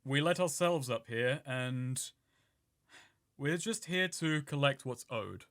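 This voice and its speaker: A man voicing a calm, sardonic male debt collector who pressures someone in a cool, sarcastic tone. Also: mid-range voice, slow.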